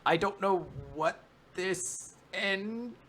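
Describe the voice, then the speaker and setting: A man's voice: sits high, drawn-out words, fairly bright tone, a little hiss or hum. A man co-hosting a podcast, chatting casually and enthusiastically, swearing now and then. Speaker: podcast co-host. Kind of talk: casual recap chat.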